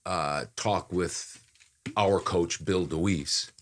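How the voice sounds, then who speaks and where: A man's voice: sits low, slow pace, a little hiss or hum. An older man and voiceover talent, co-hosting a casual podcast chat and rambling with frequent restarts.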